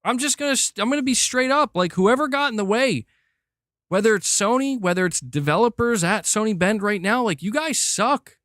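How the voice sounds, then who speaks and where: A man hosting a livestream, ranting in a heated, animated way and swearing freely while reading chat. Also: high-pitched, normal speed, dry recording, clean studio sound. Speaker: streamer host. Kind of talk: casual livestream rant.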